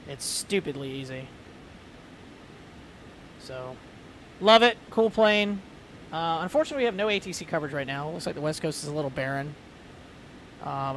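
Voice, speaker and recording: A man's voice: a little high, fairly bright tone, slight background noise. A man streaming a flight sim, chatting casually with lots of fillers and rambling asides. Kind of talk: casual chat.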